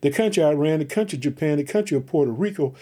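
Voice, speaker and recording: A man from Chicago preaches on his own podcast with fervent, repeated call-outs to his listeners. His voice is husky and dark-toned, sitting a little high for a man. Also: expressive, racing. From Chicago, Illinois. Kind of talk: sermon.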